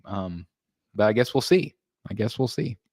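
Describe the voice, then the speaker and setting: A man's voice: fairly low pitch, lively intonation, moderate pace, a little mellow, husky, dry recording, clean studio sound. A man hosting a casual collectors' livestream, reading chat messages and answering in a rambling way with many ums and restarts. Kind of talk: casual live-stream chat.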